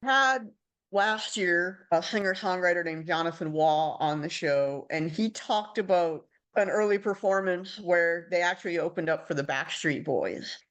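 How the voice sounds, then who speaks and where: A woman with a fairly low voice hosting an interview podcast. She speaks conversationally and builds up a little background before each question. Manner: conversational, lays out a premise before asking. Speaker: podcast host.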